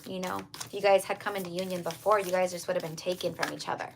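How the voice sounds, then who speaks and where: A woman's voice: lowish voice, steady tone, quick pace, gravelly, noisy background. A woman giving a casual tarot reading, talking earnestly and repetitively to her viewers. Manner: earnest, repetitive, emphatic, addresses viewers as you guys. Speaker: tarot reader.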